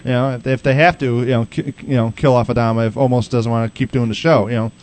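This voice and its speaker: A man's voice: mid-range voice, steady tone, fast, darkish tone, slight background noise. A man hosting a podcast, chatting casually and rambling with many restarts. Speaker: podcast host. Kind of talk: casual chat.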